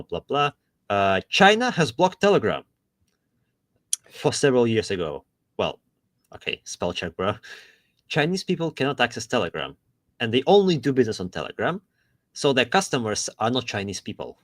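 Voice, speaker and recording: Casting: male podcast co-host, mid-pitched, wry asides, dead-dry studio sound. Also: sing-song, moderate pace, no room sound. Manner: reads text aloud with dry asides, laughs often. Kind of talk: casual chat.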